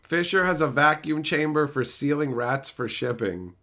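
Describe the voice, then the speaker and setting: A middle-aged man ranting sarcastically at his live chat in casual, profane talk, breaking into loud mocking outbursts. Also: fairly high pitch, normal speed. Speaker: streamer reading live chat.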